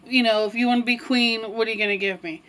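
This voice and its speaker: A woman's voice: a little high, steady tone, fast talker, a bit bright, lightly acted, rough recording. A woman voicing a sly, greedy little magic man in a fairy tale she is retelling.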